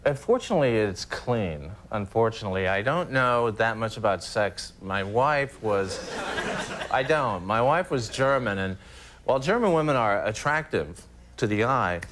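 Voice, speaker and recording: A man, a comedian guest on a talk show, telling animated stories and slipping into voices. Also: on the low side, normal speed, slight background noise. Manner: animated storytelling, slips into voices. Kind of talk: late-night talk show chat.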